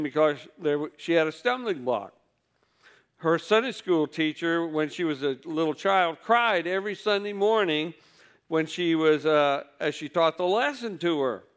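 Smooth-voiced male preacher with wry humor. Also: fairly high pitch, moderate pace. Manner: folksy storytelling with wry humor. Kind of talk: sermon.

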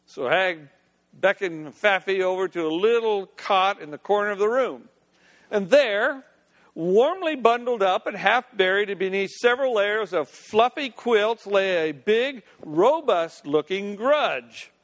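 A man with a high voice narrates a story in an unhurried, folksy manner. He drops in "well" asides and restarts lines. His voice carries a long hall reverb. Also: lively intonation, fairly bright tone.

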